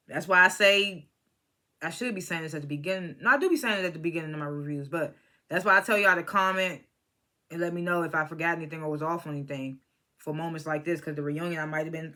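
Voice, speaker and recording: Young adult reality show reviewer, blunt, salty and rambling, with a bright, edgy voice at a mid pitch. Casual vlog commentary, not polished. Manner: blunt, opinionated, profane; rambling with restarts and asides.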